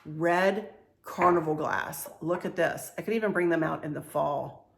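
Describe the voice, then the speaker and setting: A woman's voice: low-pitched, measured pace, vocal fry. A middle-aged woman, talking through a home decor haul in a chatty, confiding way. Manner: chatty, confiding, laughs often. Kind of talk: casual show-and-tell haul video.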